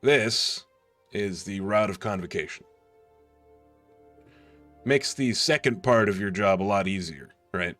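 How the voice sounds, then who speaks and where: A man's voice: fairly low pitch, a little slow, pauses often, a bit bright, soft background music. A man voicing an evasive male mission handler who halts and dodges questions while briefing a crew in a tabletop game.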